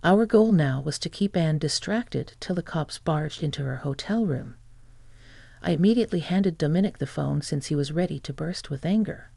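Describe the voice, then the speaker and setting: A woman's voice: sits low, expressive, moderate pace, creaky, dark tone, no room sound. A woman giving first-person narration of a family drama story in a plain-spoken, dramatic way.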